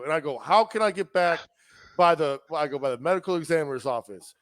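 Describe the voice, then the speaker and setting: Man, podcast co-host, slightly high voice, rambling storyteller acting out lines, dry studio mic. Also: brisk, a bit bright, dry recording. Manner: rambling, profane, acts out dialogue. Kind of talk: casual storytelling chat.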